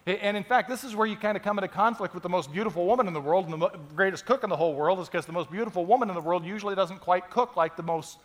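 Chatty joking male pastor, higher voice. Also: very fast, hardly any pauses. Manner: conversational, joking, frequent restarts. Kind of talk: sermon. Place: church sanctuary.

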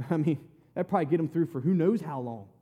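A man's voice: fairly high pitch, moderate pace, breathy edge, dull audio. A man preaching a conversational sermon, retelling scripture in plain, folksy, emphatic words.

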